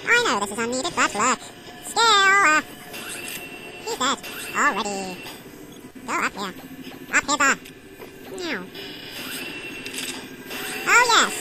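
A man voicing a hyper cartoon male chipmunk, chatting through a game in a squeaky, chipper voice with a pitched-up effect. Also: heavily acted, rough recording. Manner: chatty, talks to enemies and himself. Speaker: let's play commentator. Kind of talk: game commentary in character.

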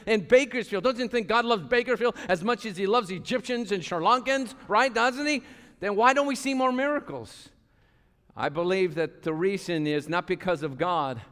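A man preaching a passionate sermon as pastor of a church, swinging between loud calls and quiet asides. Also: high voice. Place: church sanctuary. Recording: long hall reverb.

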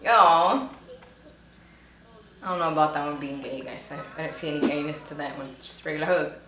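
This young woman has a deep, sharp-toned voice and talks a little fast while hosting a casual reaction video on YouTube. Giggly and talkative, she playfully acts out the people she's watching, recorded in an echoey room with faint noise.

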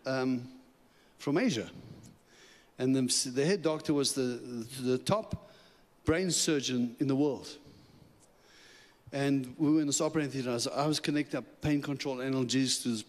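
A man preaching as a guest speaker, telling a personal story with lively, chuckling asides in which he acts out his own thoughts. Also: medium pitch, moderate pace. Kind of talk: sermon storytelling. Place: church sanctuary. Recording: long church hall reverb.

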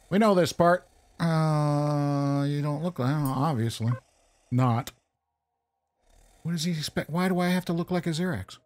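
A man's voice: fairly high pitch, a little slow, long pauses, darkish tone. A man casually commenting on his own gameplay, chatty and self-deprecating, talking to himself as he plays. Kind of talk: casual let's play commentary.

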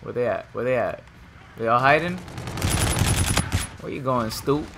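A young man giving casual, trash-talking commentary while he plays a shooter game, and he jumps up to shouting when things go wrong. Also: medium pitch, heavy background noise. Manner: trash-talking, excitable, quick swings to shouting. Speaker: gameplay streamer. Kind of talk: casual live commentary over gameplay.

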